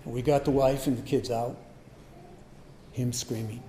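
A man's voice: mid-range voice, steady tone, moderate pace, mellow, slight background noise. An older man preaching a sermon, telling a personal story in a conversational way. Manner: storytelling, conversational, acts out voices. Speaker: pastor.

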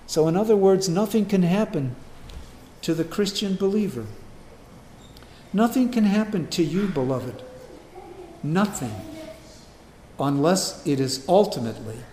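A man preaching a sermon, emphatic, swinging between loud declarations and quiet low asides. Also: a little hiss or hum. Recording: echoey room with faint ambience.

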